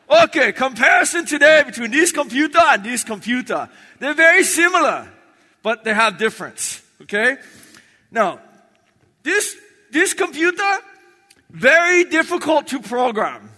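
Lively high-voiced comedian, echoey hall. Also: male voice, a little slow. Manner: clipped broken English with chanted shouted name lists. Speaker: stand-up comedian. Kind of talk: live stand-up with a broken-English stage persona. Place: stage in a large hall with an audience.

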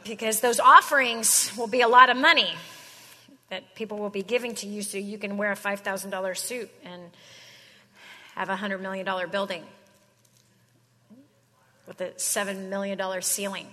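A woman's voice: mid-range voice, normal speed, long pauses, bright, forceful tone, big-room sound. A woman giving a casual, slangy sermon, telling stories in a chatty way. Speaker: Christian speaker.

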